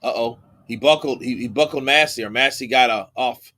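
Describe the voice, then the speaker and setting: Excitable man calling a boxing live stream. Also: mid-range voice, a little fast. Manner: casual, reactive, excitable bursts. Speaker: boxing commentary host. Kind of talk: live-stream boxing commentary, reading chat.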